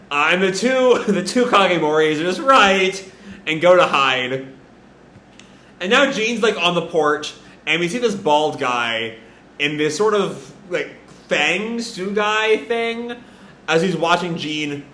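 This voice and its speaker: A man's voice: high-pitched, animated, slow pace, pushed and bright, reverberant, slight background noise. A man casually recapping a comic chapter as a reaction host, rambling with lots of fillers and the odd swear word.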